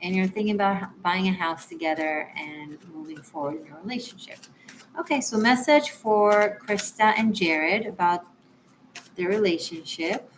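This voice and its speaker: A woman's voice: fairly low pitch, moderate pace, a little hiss or hum. A woman tarot reader on a live stream, chatting with viewers and apologizing as she gives readings.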